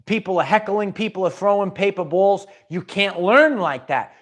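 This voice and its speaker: An emphatic man delivers a spiritual pep talk to his viewers. His voice sits a little higher than most men's. He repeats phrases and restarts his sentences often. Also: normal speed, few pauses, a bit bright. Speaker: spiritual channel host.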